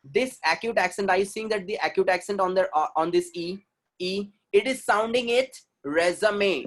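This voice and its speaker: A man with a high voice and an Indian accent speaks at a moderate pace during a webinar where he acts as a communication trainer. He's insistent and repetitive, regularly quizzing the audience with rhetorical questions.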